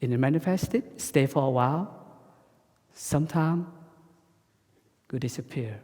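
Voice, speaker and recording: A man giving a gentle dharma talk as a Buddhist monk, speaking simple English that halts and restarts often. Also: medium pitch, a little slow, long reverb tail.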